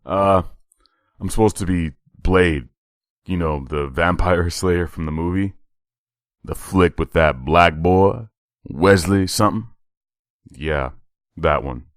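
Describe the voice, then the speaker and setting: A man's voice: deep voice, slow, pauses often, dry recording, clean studio sound. A man voicing a nervous, slightly drunk young man who talks himself through a traffic stop. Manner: anxious, talks himself into calm.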